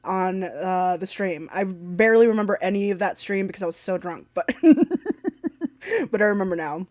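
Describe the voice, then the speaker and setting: A woman from the Southern United States streams casually, cursing freely and laughing between her remarks. Her voice sits at an ordinary middle pitch and comes across close and dry. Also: lively intonation, moderate pace, darkish tone, no echo. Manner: profane, laughs often, teasing.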